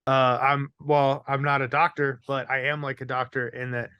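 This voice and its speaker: A man's voice: mid-range voice, level tone, moderate pace, bright, forceful tone, clear, resonant tone, dry recording. A young man hosting a casual comedy podcast, telling rambling joking stories and laughing often. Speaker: podcast host.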